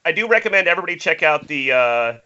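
Lively, bright-voiced man on a call. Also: on the high side, dull audio. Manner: enthusiastic, a bit halting. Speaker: narrator of the table read. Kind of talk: casual chat. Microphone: video call.

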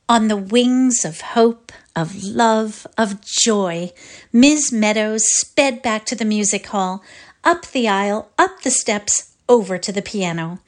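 Slow, expressive woman storyteller. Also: mid-range voice. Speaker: reader. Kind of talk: dramatic reading of a classic short story.

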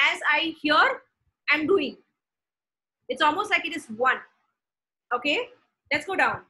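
A woman with a high, bright voice teaches from scripture as a preacher. She reads verses aloud and then works through them with questions put to her listeners. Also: low-quality recording. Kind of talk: Bible teaching.

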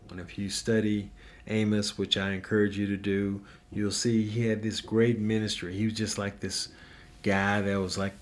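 A man preaching a Bible teaching in a low, gravelly voice. He speaks in an earnest, encouraging way and often stops to restart a thought. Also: slight background noise. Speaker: pastor.

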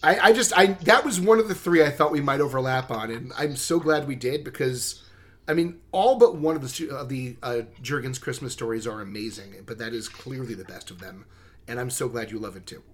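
A man's voice: mid-range voice, brisk, fairly bright tone. A man co-hosting a podcast in casual chat, talking earnestly and with enthusiasm. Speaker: podcast co-host.

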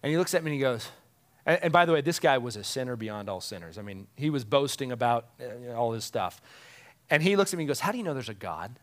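A man's voice: mid-range voice, lively intonation, quick pace. A man who is a pastor, preaching a conversational sermon to his congregation, often chuckling and repeating key phrases for emphasis.

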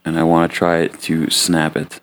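A man with a very low, smooth and resonant voice plays a tabletop game. He checks the rules as he goes and asks plenty of questions before he acts. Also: monotone, a little slow. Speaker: player.

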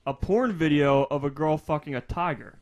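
A man co-hosting a comedy podcast, chatting casually and reading a passage aloud slowly with mock drama, breaking into laughs. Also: a little high. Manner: reads erotic fiction aloud in a slow mock-dramatic voice, laughing. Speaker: podcast co-host.

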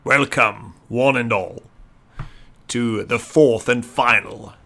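A man putting on a posh upper-class announcer voice to give a grand, slow, formal welcome. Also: medium pitch, vocal fry, pushed and bright, heavily acted. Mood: grandiose.

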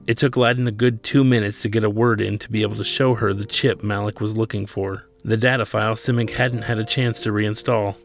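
Male author reading his own novel, with a low gravelly voice and a measured pace, over faint music. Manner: steady, measured storytelling.

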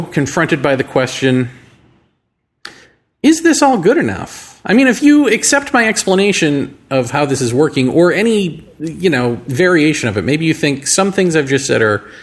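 A man hosting a show, talking through ideas in a musing monologue full of rhetorical questions and slow, deliberate phrasing. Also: a little high. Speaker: podcast host. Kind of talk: reflective monologue.

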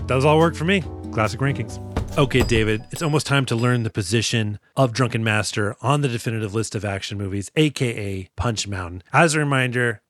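A man co-hosting a casual movie podcast, animated and profane, sometimes putting on voices for film characters. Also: medium pitch, dry recording, clean studio sound. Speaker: podcast co-host.

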